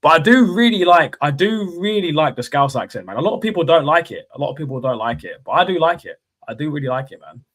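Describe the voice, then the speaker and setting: A man's voice: a little high, animated, quick pace, few pauses, a bit bright. A young man with a London accent, hosting a casual football chat stream, rambling, repeating himself and swearing. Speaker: football channel host.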